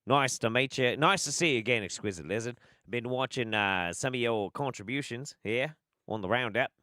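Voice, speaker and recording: A man's voice: medium pitch, normal speed, sharp tone, no echo, clean studio sound, natural voice. A man doing an exaggerated Australian accent to voice a chummy bloke greeting a viewer. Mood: friendly. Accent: put-on Australian. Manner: exaggerated, self-deprecating impression.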